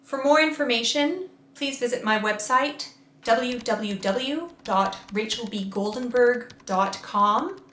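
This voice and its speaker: A woman voice coach leading a guided vocal warm-up lesson, giving slow, carefully enunciated instructions and demonstrating each exercise. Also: on the high side, roomy sound, slight background noise.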